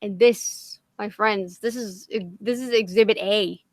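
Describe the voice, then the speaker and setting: A woman's voice: mid-range voice, fairly even intonation, unhurried, dry recording. A woman with a Boston accent hosting a casual livestream, swearing constantly and rambling with self-deprecating jokes. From Massachusetts. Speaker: livestream host.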